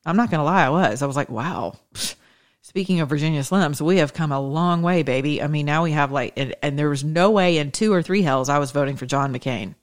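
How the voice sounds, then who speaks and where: A woman's voice: low voice, brisk. A woman giving an opinionated, chatty monologue to her followers, emphatic and sarcastic. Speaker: political commentator.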